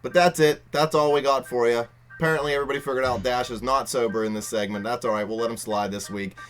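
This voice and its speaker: A man co-hosting a sports podcast, talking in a brash, teasing, animated way. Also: medium pitch, fast, soft background music. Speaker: podcast co-host. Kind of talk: casual sports chat.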